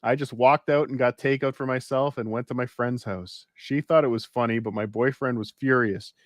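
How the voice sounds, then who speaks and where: Dry, deadpan male podcast co-host. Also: mid-range voice, moderate pace, no room sound. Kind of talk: casual chat, reading posts aloud.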